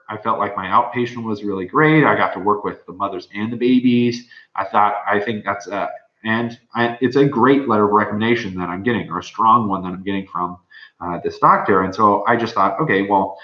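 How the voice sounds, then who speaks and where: A young man, a medical student, giving rambling, informal advice with many fillers. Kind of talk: casual advice talk. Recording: dull, roomy low-fi recording.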